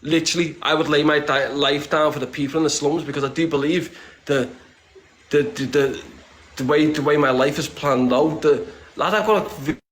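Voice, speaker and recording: A man talking bluntly and casually in an interview, swearing freely and rambling with many restarts. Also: a little high. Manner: blunt and streetwise, swears freely, says "lad" often. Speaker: interview guest. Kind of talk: casual conversation.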